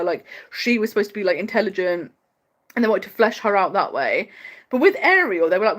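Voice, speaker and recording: A woman hosts a casual livestream chat, very animated, opinionated, and quick to laugh. She talks fast and freely in a mid-range voice, peppering her speech with "like."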